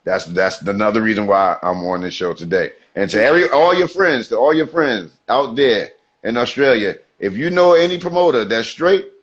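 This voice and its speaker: A man's voice: medium pitch, normal speed. A man in his forties, a rapper guest, telling laid-back stories in street slang on a video call. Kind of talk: casual storytelling interview. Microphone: video call mic. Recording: dull, lo-fi sound.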